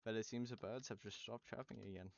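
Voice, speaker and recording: A man's voice: lowish voice, fairly even intonation, fast talker, gravelly, darkish tone, dull audio, a little hiss or hum. A man narrating a tabletop game as game master, describing scenes in a loose, rambling way.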